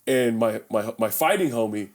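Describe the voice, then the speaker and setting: Young male podcast host, lively storyteller who voices every character in the tale. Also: mid-range voice, normal speed. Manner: animated storyteller, acts out quotes loudly, swears casually. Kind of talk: casual storytelling chat. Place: bedroom.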